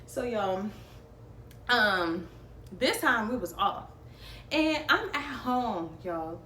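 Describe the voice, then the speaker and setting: Young woman, storytime vlogger, chatty and animated, slightly high voice, recorded off-mic in an echoey room. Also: very slow, distant mic, slight background noise. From New Jersey. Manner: animated, chatty, addresses viewers as y'all. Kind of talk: storytime vlog.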